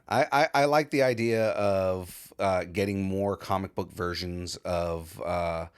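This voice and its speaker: A man co-hosting a geek culture podcast, chatting casually and hesitantly with many restarts. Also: sits low. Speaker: podcast co-host. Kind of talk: casual chat.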